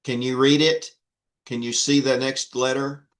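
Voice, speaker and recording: Male instructor, unhurried and halting, drilling students on letters. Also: medium pitch, flat delivery. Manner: slow, patient, with many fillers and restarts. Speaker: Greek instructor. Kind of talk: online class teaching.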